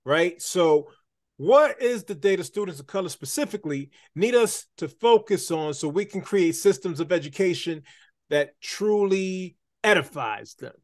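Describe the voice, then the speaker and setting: A man's voice: high voice, expressive, normal speed, darkish tone, no room sound, studio quality. A man hosting an interview podcast, upbeat and playful, talking straight to his listeners. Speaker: podcast host. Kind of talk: conversational interview.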